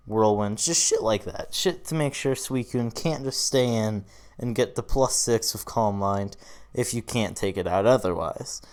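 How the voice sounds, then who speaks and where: A man's voice: lowish voice, darkish tone, clear, resonant tone. A tired young man talking casually through his team picks, rambling, swearing often and yawning. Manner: casual and profane, rambling with fillers. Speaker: YouTuber doing a draft analysis. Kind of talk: casual commentary.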